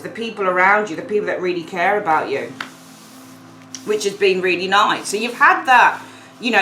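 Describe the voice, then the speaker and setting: A woman giving a casual weekly tarot reading to camera, chatty and expressive, swearing now and then and acting out the figures on the cards. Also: mid-range voice, reverberant, poor audio. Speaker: tarot reader.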